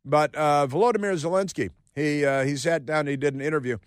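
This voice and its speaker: A man's voice: fairly high pitch, fairly quick, clear, resonant tone, no room sound. A man hosting a talk radio show, delivering a sarcastic, rambling opinion monologue in a studio. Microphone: studio microphone.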